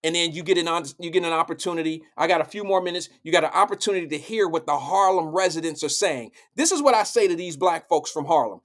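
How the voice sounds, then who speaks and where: Blunt, profane man with a high voice. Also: expressive, quick pace, hardly any pauses, a bit bright. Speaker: live show host. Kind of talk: political commentary.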